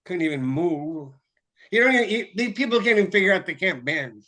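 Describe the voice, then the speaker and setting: Guest spot: fast-rambling, swearing man with a slightly high voice, breaks into lecture mode. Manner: profane, excitable, rambling; explains chemistry in quick lecture bursts. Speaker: guest, water filter developer. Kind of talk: casual interview talk.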